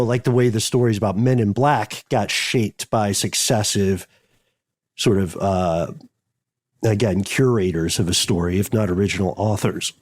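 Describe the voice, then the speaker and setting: A man co-hosting a podcast, thoughtful and digressive, building his points slowly with restarts. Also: on the low side, a little mellow, dry recording, clean studio sound. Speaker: podcast co-host. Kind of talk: casual podcast chat.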